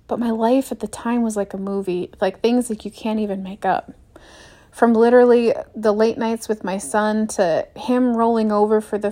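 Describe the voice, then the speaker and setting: A woman's voice: a little high, a little mellow. Upbeat woman hosting a solo podcast. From United States. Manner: earnest, upbeat, acts out little quoted scenes. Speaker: podcast host. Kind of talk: solo motivational podcast talk.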